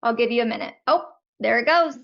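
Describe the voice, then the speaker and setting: A woman's voice: on the high side, brisk, gravelly, highs cut off. A woman coaching photographers on a live video call, talking in a friendly, frank and chatty way.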